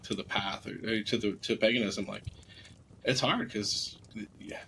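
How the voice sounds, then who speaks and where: A man co-hosting a casual podcast, meandering and often restarting and correcting himself, blunt and quick to swear when something annoys him. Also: fairly low pitch, pushed and bright, a little hiss or hum, poor audio. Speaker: podcast co-host.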